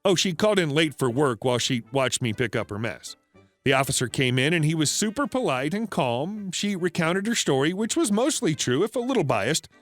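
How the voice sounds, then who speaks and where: A man reads an internet story aloud in a plain, steady storytelling delivery. His voice sits high for a man and moves with a lively lilt. Soft music plays faintly behind him. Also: a little fast. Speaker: narrator. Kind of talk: narrated internet story reading.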